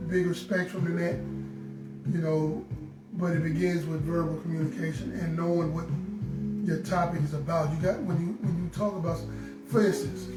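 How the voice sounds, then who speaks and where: On a live relationship talk stream, a male co-host with a fairly high-pitched voice chats casually, giving heartfelt advice and restating his points. The mic is far away, leaving a roomy sound with guitar music behind him.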